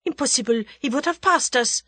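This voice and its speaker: A woman's voice: sits high, a little fast, no echo, voice pushed up. A woman reading aloud, voicing a harsh male German henchman who speaks sharply and curtly. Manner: sharp, curt.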